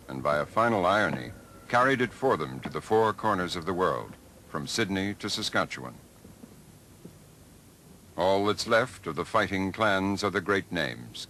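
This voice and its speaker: A man narrates a documentary in a low, bright-edged voice that rises and falls freely. His delivery is measured and deliberate, every phrase carefully placed. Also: slight background noise, rough recording.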